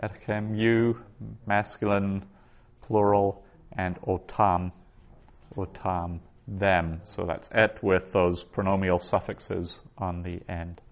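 Teaching a Hebrew class, a man repeats every vocabulary word twice and then explains it, lecturing slowly and deliberately. His voice sits low and has a level tone.

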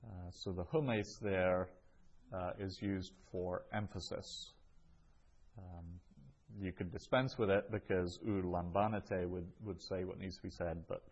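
Guy teaching greek grammar, slow and patient, repeats stuff, kinda husky low voice, dull lo-fi sound. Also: a little mellow. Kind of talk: classroom lesson.

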